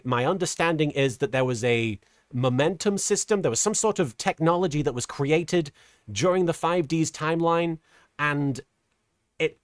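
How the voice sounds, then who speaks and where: A middle-aged woman streamer chatting casually while reading super chats, earnest and halting, with a softened feminine voice. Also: low-pitched, no echo, clean studio sound. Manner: earnest, halting with many restarts; voice softened toward a feminine sound. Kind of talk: casual livestream chat.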